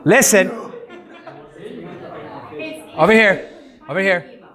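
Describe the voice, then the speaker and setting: Guy teaching youth group, high voice, takes his time, gets the kids to repeat words back. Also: slow pace, crowd noise. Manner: interactive, has the audience repeat words; playful, jokes with the room. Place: youth service room.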